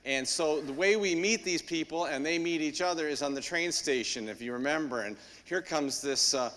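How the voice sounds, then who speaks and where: A man, a priest, giving a homily in a church in a conversational storytelling manner with frequent pauses. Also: on the high side, a bit bright. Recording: long church reverb.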